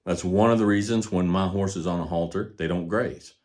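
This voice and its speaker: An older man and horse trainer talking casually in a folksy, storytelling way, often sinking to a low murmur. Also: fairly even intonation, a little fast, a little mellow. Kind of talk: casual teaching talk.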